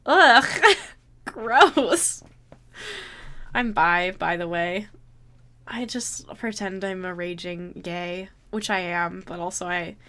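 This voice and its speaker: A woman's voice: mid-range voice, bright, forceful tone. A woman chatting casually on a livestream, reading viewer messages aloud and reacting with exclamations and laughter. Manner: reads viewer messages aloud and answers them.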